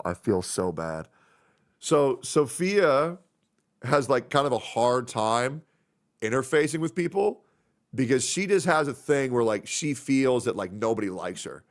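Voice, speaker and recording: Man, 30s, streamer; casual, rambling, emotional. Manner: rambling, emotional, puts on high voices when quoting friends.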